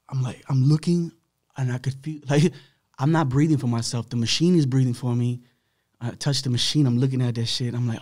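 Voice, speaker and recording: A young man in his twenties, a podcast guest, telling his story animatedly with a slightly rough voice and acting out the dialogue. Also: mid-range voice, fairly quick. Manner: animated, acts out dialogue, frequent swearing. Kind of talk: casual storytelling.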